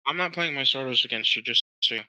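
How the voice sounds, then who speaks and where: A man's voice: mid-range voice, quick pace, pushed and bright, rough recording. Blunt East Coast American guy gaming. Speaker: co-streamer. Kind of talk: casual gaming chat.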